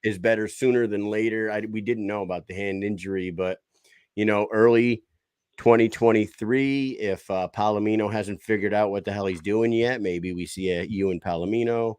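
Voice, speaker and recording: A man's voice: lowish voice, moderate pace, smooth, dry recording. A middle-aged man co-hosting a podcast, chatting casually and swearing freely as he banters with a guest. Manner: profane, lively banter. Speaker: podcast co-host. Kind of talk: casual interview chat.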